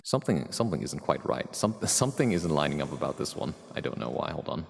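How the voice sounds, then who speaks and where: A man's voice: rumbling low, sing-song, fast talker, gravelly, voice pushed down, heavily acted. Man doing a bad mock British accent. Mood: wry. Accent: put-on bad British accent. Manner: wry, mock-posh, chatting to chat. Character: streamer doing an exaggerated mock British gentleman. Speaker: streamer. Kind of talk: live stream chat to viewers. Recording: reverby room with background music.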